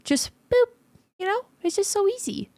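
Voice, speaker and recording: A young woman with a high, bouncy voice that swings all over the place, chatting playfully on a livestream. She teases and greets her viewers one after another, and the sound is close and dry. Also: big pitch swings, normal speed, gravelly, darkish tone, dry recording. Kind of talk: casual livestream chat.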